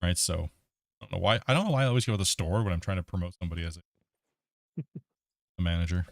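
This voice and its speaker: A man's voice: sits low, expressive, fast, creaky, dry recording, studio quality. A man hosting a gaming livestream, rambling casually and chuckling as he talks to his chat.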